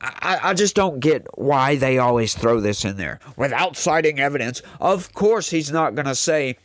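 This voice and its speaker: A man's voice: fairly high pitch, lively intonation, a little slow, a bit bright, no room sound. Guy in his 30s ranting solo over the news, exasperated, keeps repeating himself, dry close sound. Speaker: political commentary host. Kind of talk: solo political commentary, reading news aloud.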